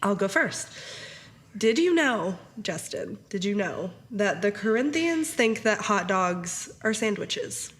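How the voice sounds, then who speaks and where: Woman podcast host, thirties, giggly, animated storyteller, casual chat. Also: mid-range voice, slow pace.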